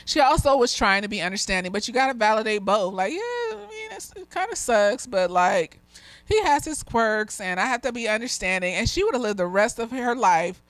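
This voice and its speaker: A slightly tipsy woman reviewing a show in a loose, casual talk, swearing freely and lurching from ranting to gushing. Her voice sits a bit high for a woman, and it is recorded close and dry with no room sound. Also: sing-song, moderate pace, no echo. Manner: blunt, heavily profane, swinging between ranting and gushing. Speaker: therapist reviewing a TV episode.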